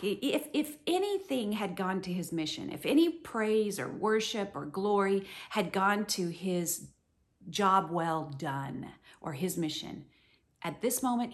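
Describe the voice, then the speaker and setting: A middle-aged woman giving an earnest, animated devotional Bible teaching, with many "you know"s. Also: medium pitch, takes it slowly.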